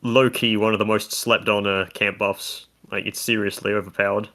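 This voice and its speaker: A man's voice: lowish voice, flat delivery, normal speed, sharp tone. A man co-hosting a casual video game discussion, talking through stats and mechanics in detail. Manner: analytical, talks through game numbers. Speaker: content creator co-host.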